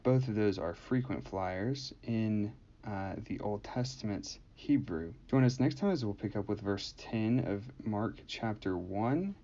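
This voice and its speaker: A man teaching Greek grammar in a measured, explanatory voice-over, pausing often with "uh". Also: lowish voice, animated, warm tone, dull audio. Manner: measured, explanatory, with frequent "uh" pauses. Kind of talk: scripted lesson narration.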